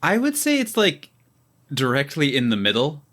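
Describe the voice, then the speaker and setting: A man chatting on a podcast, calmly explaining points one by one. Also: mid-range voice, normal speed. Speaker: podcast co-host. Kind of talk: casual podcast chat.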